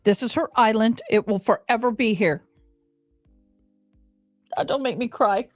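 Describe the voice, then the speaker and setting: A woman's voice: fairly high pitch, a little slow, no echo, clean studio sound. A woman livestreaming a game in a casual chat, talking straight to her viewers. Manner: chatty, addresses viewers directly. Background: faint game music.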